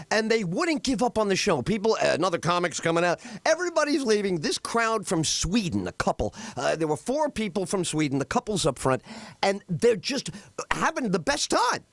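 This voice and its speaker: A man hosting a radio talk show, telling excitable stories and acting out the voices in them. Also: high voice, no room sound. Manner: animated, storytelling with acted-out voices.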